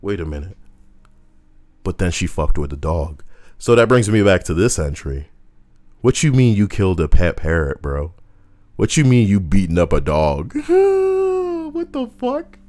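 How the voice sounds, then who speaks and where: A man co-hosting a podcast, ranting in a profane, heated, animated way. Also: low-pitched, moderate pace, pauses often. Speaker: podcast co-host. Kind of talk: casual ranting commentary.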